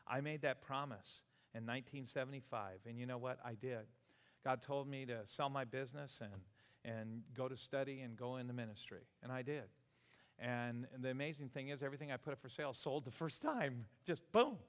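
A man in his sixties preaching a sermon as pastor, animated and exclamatory, often chuckling between points. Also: medium pitch, a little fast. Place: church sanctuary. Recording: long hall reverb.

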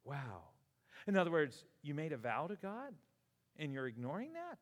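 A man in his sixties preaching a sermon as pastor, animated and exclamatory, often chuckling between points. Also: on the high side, normal speed. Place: church sanctuary. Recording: long hall reverb.

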